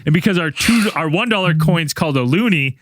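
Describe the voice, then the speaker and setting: A man's voice: fairly high pitch, lively intonation, a little fast, a bit bright, no room sound. A Canadian man co-hosting a podcast, telling a story in casual, profane chat with frequent laughs. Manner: swearing, storytelling, laughing often. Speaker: podcast co-host.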